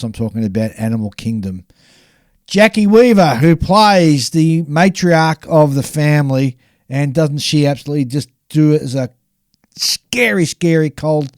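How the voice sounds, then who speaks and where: A man's voice: a little high, a little mellow, no echo. An Australian man co-hosting a podcast, presenting his list of films like a reviewer, with dry, blunt asides. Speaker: podcast co-host. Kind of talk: casual movie chat.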